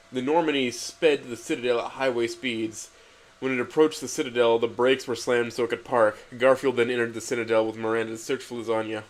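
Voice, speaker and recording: A man reading comic fan fiction aloud in an earnest, deadpan way. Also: mid-range voice, fairly quick. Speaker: reader.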